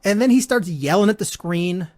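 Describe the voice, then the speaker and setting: A man's voice: high-pitched, lively intonation, moderate pace, darkish tone. A middle-aged man hosting a casual podcast chat, telling self-deprecating stories with frequent laughs. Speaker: podcast host.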